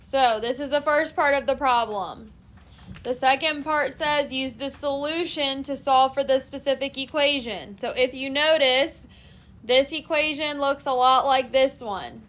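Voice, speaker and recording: A woman's voice: sits high, measured pace. Woman teaching algebra step by step. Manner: steady step-by-step explaining. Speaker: math teacher. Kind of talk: classroom lecture. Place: classroom.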